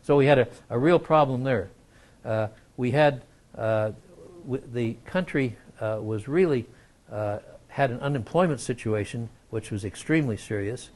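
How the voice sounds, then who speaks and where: An older man giving a lecture, telling an anecdote in a measured way with frequent pauses and fillers. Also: mid-range voice, darkish tone. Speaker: guest lecturer.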